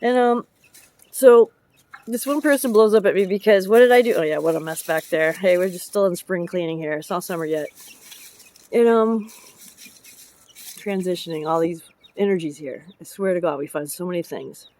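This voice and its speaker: Speaking at normal speed with frequent pauses, a woman with a low-ish, darkish voice chats through a casual rambling vlog. She works as a public works truck driver and talks about her chickens and driving dump trucks, skipping between subjects, chatty and quick to laugh.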